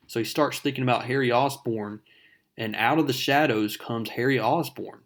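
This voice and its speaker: A man's voice: medium pitch, moderate pace, a bit bright. A man casually retelling a comic book issue panel by panel, talking to his viewers as folks. His delivery is loose and chatty, full of fillers. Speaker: comic book recap narrator. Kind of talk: casual comic recap narration.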